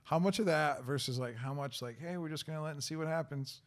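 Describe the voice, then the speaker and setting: A man's voice: on the high side, quick pace. A man hosting a podcast, asking questions in a casual, rambling way with lots of "like" fillers. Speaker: podcast host. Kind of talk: casual interview chat.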